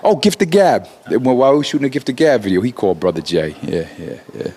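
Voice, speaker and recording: A man's voice: medium pitch, fast, husky. A man in his forties, a rapper talking as an interview guest, swearing freely and restarting his sentences as he gets worked up. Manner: animated, swearing, many restarts. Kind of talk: profane casual interview talk.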